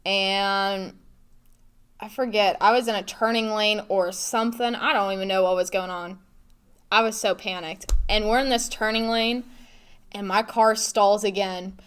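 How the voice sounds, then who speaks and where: A teenage girl co-hosting a school podcast, telling a story in a casual, animated way with many fillers and giggles. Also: mid-range voice, clear, resonant tone. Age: teens. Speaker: podcast co-host.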